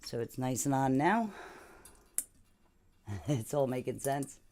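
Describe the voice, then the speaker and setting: A woman sound therapist leading a live sound-healing session, guiding gently and explaining in a loose, chatty way. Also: extremely low pitch, animated, slow pace. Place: home streaming setup. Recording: loud hum of singing bowls and tones.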